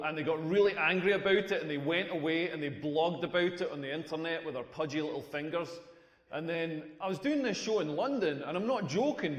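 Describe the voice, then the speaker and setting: High-voiced male stand-up comic, crude and deadpan, echoey hall. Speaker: stand-up comedian. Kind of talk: stand-up comedy routine. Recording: echoey hall with long reverb.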